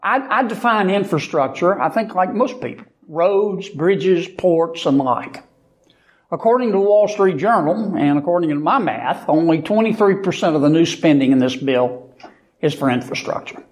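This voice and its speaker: Louisiana-accented senator, dry and folksy. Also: male voice, sits high, lively intonation, moderate pace. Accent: Southern US, Louisiana. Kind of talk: clipped political statement.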